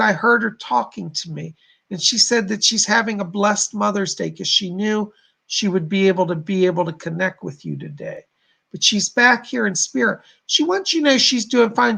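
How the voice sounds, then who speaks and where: A man hosting a livestream, giving gentle, halting psychic readings and relaying messages from spirits. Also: high-pitched, creaky, slightly rough. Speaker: psychic reader and host.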